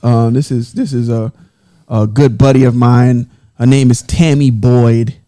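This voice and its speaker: A man's voice: mid-range voice, fairly even intonation, measured pace, warm tone. A man hosting a casual podcast chat, telling stories and laughing often. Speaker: podcast host.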